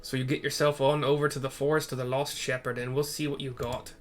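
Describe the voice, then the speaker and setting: A man voicing a feisty small male dwarf warrior in a rough put-on accent that slips in and out. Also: mid-range voice, little pitch movement, quick pace, lightly acted. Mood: gruff.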